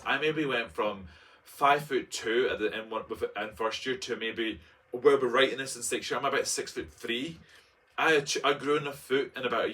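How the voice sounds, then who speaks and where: A man's voice: mid-range voice, fairly bright tone, far from the mic. A man, reading his own personal essay aloud and breaking off for camp, playful asides. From Scotland. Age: late 20s. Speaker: vlogger.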